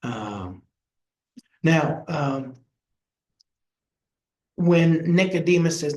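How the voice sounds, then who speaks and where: A man's voice: fairly high pitch, slow, darkish tone. A middle-aged male pastor teaching a Bible study in a folksy way, often acting out the voices in the story. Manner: folksy, acts out quoted voices. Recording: echoey room.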